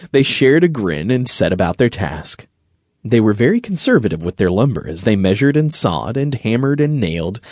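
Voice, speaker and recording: Male audiobook narrator, husky and expressive, dry close studio sound. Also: fairly low pitch, no room sound. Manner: gentle storytelling. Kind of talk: scripted narration.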